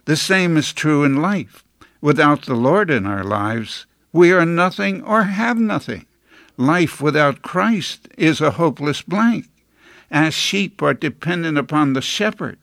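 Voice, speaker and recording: Slow, gravelly-voiced man preaching a sermon. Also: on the high side, a bit bright, dry recording, studio quality. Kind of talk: scripted sermon.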